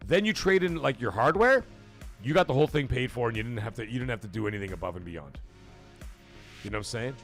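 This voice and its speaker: Animated, blunt male stream host. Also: medium pitch, fast, soft background music. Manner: animated, blunt and profane, talks straight to chat. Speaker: livestream show host. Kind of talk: casual live-stream chat.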